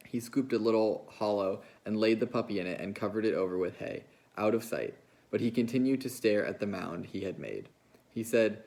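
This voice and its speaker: A man reading a novel aloud to his class with a low voice. His tone is gravelly and fry-laden, and he tells the story at a steady, measured pace. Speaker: teacher.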